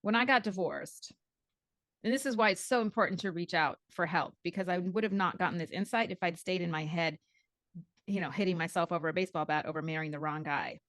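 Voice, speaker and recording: A woman guest and coach in a podcast interview, telling stories and acting out her own past thoughts in quick little voices. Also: fairly low pitch, dry recording. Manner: animated storyteller who acts out her own past thoughts.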